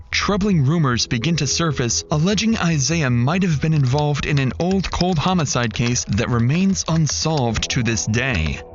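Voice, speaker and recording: A man giving scripted true-crime narration in a measured, suspenseful delivery. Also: fairly high pitch. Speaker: documentary narrator. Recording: dull lo-fi audio with music behind.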